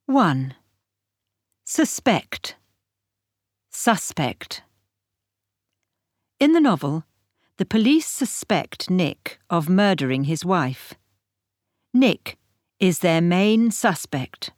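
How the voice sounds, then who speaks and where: A woman reading textbook example sentences for a pronunciation lesson, with slow, careful enunciation. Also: fairly low pitch, big pitch swings, darkish tone, no room sound, clean studio sound. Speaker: textbook audio reader.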